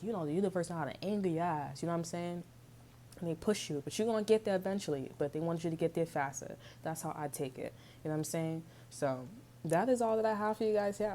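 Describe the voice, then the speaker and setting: A woman's voice: lowish voice, dark tone, a little hiss or hum. A woman giving a casual tarot reading, chatty and slangy, swearing freely and humming little tunes between thoughts. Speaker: tarot reader.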